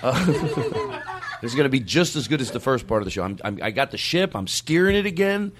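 A man's voice: medium pitch, sing-song, a little fast, background noise. A man hosting a comedy podcast in casual chat, rambling and self-aware, often slipping into mock voices. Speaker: podcast host.

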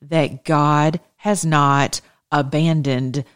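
A woman minister preaching with fervent testimony, swinging between loud declarations and hushed asides. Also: deep voice, fairly even intonation, very slow, smooth. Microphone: studio microphone.

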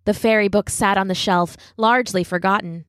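A woman narrating a children's storybook in an expressive, animated way. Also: medium pitch, fairly quick, dry recording, clean studio sound.

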